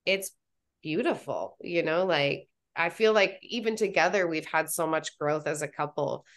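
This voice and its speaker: A woman guest on a podcast, telling stories in a casual, animated way, acting out what she and others said and often saying "like". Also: low-pitched, moderate pace. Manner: animated storytelling, acting out her own quotes, frequent "like". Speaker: podcast guest, reality show participant.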